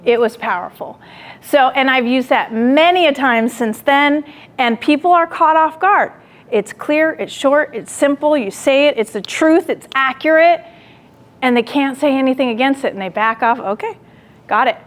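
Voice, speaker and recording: Speaking at an ordinary pace in a high-pitched voice, a woman lectures a class. Her personal story comes with lively reenactments of what she said, followed by questions put directly to her listeners.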